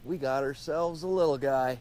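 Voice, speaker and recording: A man's voice: medium pitch, darkish tone. A man teasing his friend and calling out fish while out on a boat in a casual vlog. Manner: teasing, quick remarks. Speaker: fishing partner on the boat.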